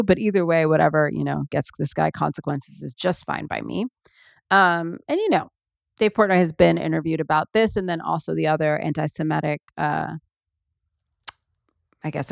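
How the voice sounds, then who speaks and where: A woman's voice: deep voice, vocal fry, no room sound, studio quality. A woman hosting a solo podcast, chatting casually and rambling with many ums and asides. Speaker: podcast host.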